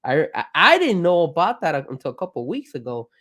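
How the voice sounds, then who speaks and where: A man's voice: a little high, big pitch swings, fairly quick, fairly bright tone. A man co-hosting a live show, talking emotionally in a loose, rambling way. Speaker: co-host. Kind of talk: casual live show chat.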